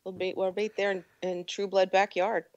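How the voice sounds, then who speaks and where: A woman guest on a radio talk show, chatty and excitable, often laughing. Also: medium pitch, normal speed, dry recording, dull audio. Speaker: radio guest and event organizer. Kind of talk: casual radio chat.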